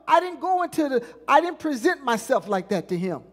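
Brisk and with few pauses, a woman pastor preaches in a high voice that swings widely in pitch. The church sanctuary gives long reverb as she leads call-and-response, getting the congregation to repeat phrases and stretching out key lines for emphasis.

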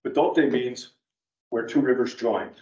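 A man speaking as a guest at an adult education class, wandering from point to point in an animated, storytelling way. He sounds distant from the mic in a roomy church space. The recording is dull and lo-fi. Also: mid-range voice, unhurried. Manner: rambling, digressive, animated storyteller. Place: church meeting room.

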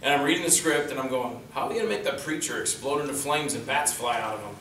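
A man telling animated stories on a convention panel, acting out what others said in raised voices. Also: on the high side, quick pace, few pauses. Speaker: indie film actor and stuntman, panelist. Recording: roomy hall from far off, faint noise.

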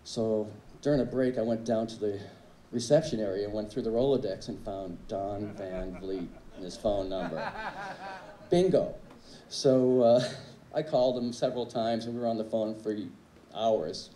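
A man, a drummer, telling relaxed, wry anecdotes in a tribute speech on a live club stage. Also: fairly low pitch, normal speed. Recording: echoey club with faint ambience.

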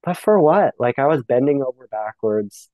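A man's voice: medium pitch, expressive, moderate pace, dry recording, phone-quality sound. A young Canadian man speaking reflectively as a podcast guest, often acting out the voices of people he quotes. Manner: reflective, filler-heavy, acts out quoted exchanges. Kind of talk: casual conversation.

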